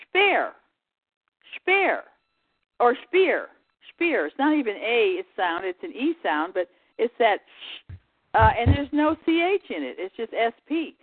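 A woman calling in as a guest on a radio show, rambling in casual chat with halting starts and trailing thoughts. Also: on the high side, no room sound. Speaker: call-in guest. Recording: tinny dry phone line.

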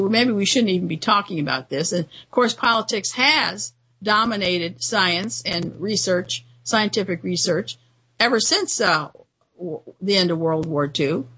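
A woman with a husky, breathy voice delivers an off-the-cuff news commentary as a show host. Her pitch sits mid-range, and she rambles and restarts often with an indignant edge. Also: a bit bright, rough recording.

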